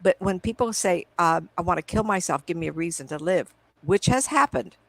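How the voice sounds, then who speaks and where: A woman's voice: fairly low pitch, lively intonation, a little fast, dry recording, poor audio. A middle-aged woman, a psychic medium, talks at home on a video call through her computer microphone. She tells long, wandering stories and acts out her past conversations as she goes. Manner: rambling, acts out remembered conversations. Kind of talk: casual interview storytelling.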